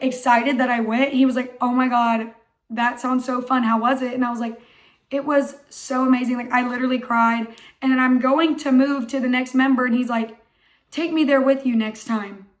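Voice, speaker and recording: Telling a story for her vlog at a moderate pace, a young woman speaks in a high voice that remains hoarse and rough, not yet fully recovered. Her manner is excited and chatty, heavily sprinkled with "like."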